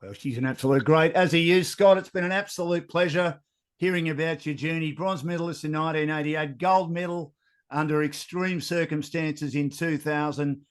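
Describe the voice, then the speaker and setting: A woman's voice: deep voice, fairly even intonation, moderate pace. A woman hosting an interview. She chimes in with short agreements and asks polished, well-formed questions. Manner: short affirming interjections, polished wrap-ups. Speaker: interview host. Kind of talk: podcast interview.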